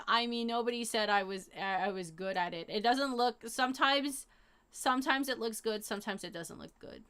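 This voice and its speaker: Bright-voiced young woman chatting casually. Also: fairly high pitch, smooth. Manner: rambling and animated, lots of fillers and slang. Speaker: live streamer. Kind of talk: casual chat to a live chat audience.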